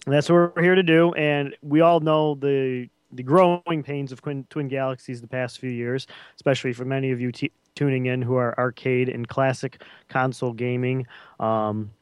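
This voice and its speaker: A man hosts a relaxed gaming podcast, talking loosely and circling back with fillers. His voice sounds smooth and resonant, recorded dry with no room sound around it. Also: mid-range voice, moderate pace, no room sound. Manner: loose, rambling intros with fillers. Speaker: podcast host. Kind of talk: casual podcast chat.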